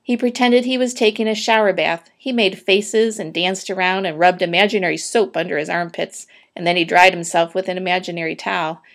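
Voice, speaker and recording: A woman narrating a children's book aloud, with steady storytelling and a few small slips. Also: on the low side, fairly quick, hardly any pauses.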